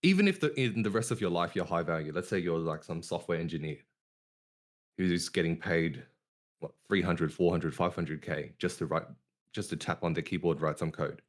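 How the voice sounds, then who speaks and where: A man hosting a casual podcast, talking deliberately with a downward inflection at the ends of his sentences, over an online voice call. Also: low voice. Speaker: podcast host.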